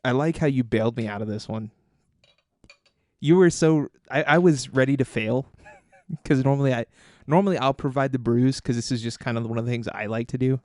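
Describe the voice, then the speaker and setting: Young male co-host, dry wry humor, mid-pitched voice, close dry mic. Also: brisk, a little mellow, no room sound. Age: young adult. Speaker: podcast co-host. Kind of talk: casual chat.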